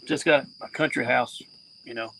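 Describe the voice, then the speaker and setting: A man's voice: medium pitch, steady tone, moderate pace, creaky, a bit bright, a little hiss or hum, rough recording. A man, a podcast guest talking in a folksy, plain-spoken way over a video call from an outdoor porch. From South Carolina. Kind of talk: casual conversation. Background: crickets chirping.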